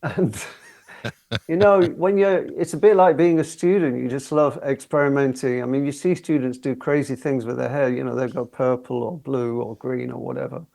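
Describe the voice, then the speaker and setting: A man in his sixties, a guest singer telling stories in a relaxed interview, chatty and often laughing as he talks. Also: medium pitch, normal speed, vocal fry. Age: 60s.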